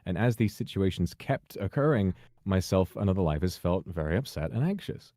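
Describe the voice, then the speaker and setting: A man reading a prepared public statement in a measured, formal, carefully worded way. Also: sits low, animated, mellow, dry recording, studio quality. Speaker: person giving a public statement.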